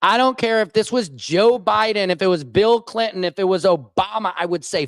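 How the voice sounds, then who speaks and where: A US livestream host rants heatedly about politics, swearing a lot and reading viewers' comments aloud to answer them as they come in. His voice is high and a bit bright, delivered at a moderate pace with hardly any pauses and no room sound.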